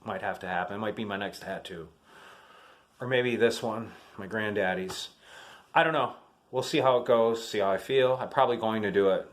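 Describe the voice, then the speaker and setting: A man's voice: on the low side, normal speed. A man in his fifties, an army veteran, telling family military stories in a casual, rambling vlog full of fillers and restarts.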